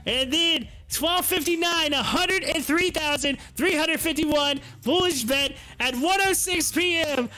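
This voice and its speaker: A man hosting a live stock market stream, reading a long list of trades in rapid-fire fashion with playful hype. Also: extremely high pitch, sharp tone. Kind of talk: casual live stream commentary. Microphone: desk microphone.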